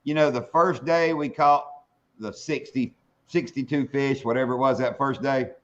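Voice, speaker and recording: A man's voice: mid-range voice, steady tone, moderate pace. A man hosting a fishing live stream, telling hunting stories in a drawling, salty way. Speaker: fishing show host. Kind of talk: casual storytelling chat. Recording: dull lo-fi stream audio.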